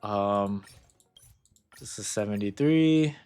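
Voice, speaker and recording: A man's voice: on the low side, takes it slowly, darkish tone, smooth, faint music behind. A man in casual gaming commentary, muttering counts and ranting in bursts of swearing. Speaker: gacha game content creator.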